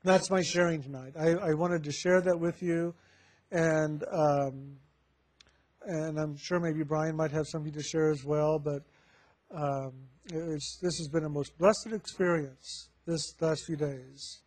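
A man telling a personal spiritual testimony to a group, halting with many fillers and restarts and laughing often. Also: on the high side, fairly even intonation, darkish tone. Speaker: member sharing with a spiritual group.

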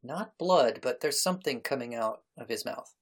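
A woman's voice: a bass voice, animated, normal speed. Woman narrating as game master. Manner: descriptive, explanatory, leisurely.

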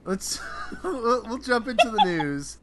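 A man's voice: extremely high pitch, big pitch swings, slow, fairly bright tone. A man hosting a podcast, chatting casually and rambling a little as he laughs at himself. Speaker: podcast host.

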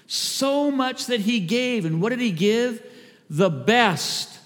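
A man preaching a sermon as a pastor, earnest and warm in his pleading, often dropping to a hushed voice. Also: very high voice, animated, takes it slowly, long reverb tail. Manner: earnest, drops to a hushed voice for quoted lines. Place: church sanctuary.

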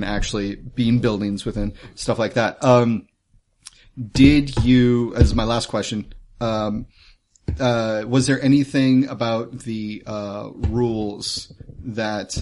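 A man's voice: on the low side, steady tone, slow pace, darkish tone, a little hiss or hum. Rambling man, podcast co-host. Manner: rambling, many fillers and restarts. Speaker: player and co-host. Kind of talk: post-session chat about a tabletop game.

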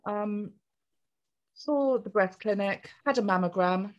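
A woman, a podcast guest chatting through a personal story in a jolly, animated way. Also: medium pitch, slow pace, muffled recording. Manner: chatty, jolly, acts out voices in quoted speech.

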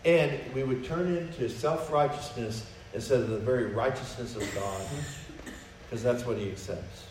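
A man's voice: medium pitch, moderate pace, darkish tone. Male pastor preaching in an echoey room. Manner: conversational preaching, acts out quoted prayers and dialogue. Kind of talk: sermon. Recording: roomy echo, mic from a distance, faint noise.

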